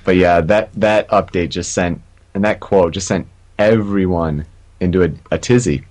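A man's voice: low-pitched, normal speed, a little mellow. A man co-hosting a podcast, chatting in an easygoing way with dry asides. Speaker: podcast co-host. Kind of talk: casual gaming chat.

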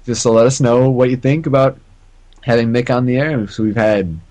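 A man's voice: mid-range voice, moderate pace, a little mellow. A man hosting a podcast casually, chuckling often as he steers the talk. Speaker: podcast host. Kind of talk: casual chat.

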